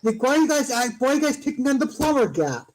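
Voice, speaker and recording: A man's voice: very high voice, very animated, quick pace, crowd noise, low-quality recording. A man joking and laughing during a casual chat.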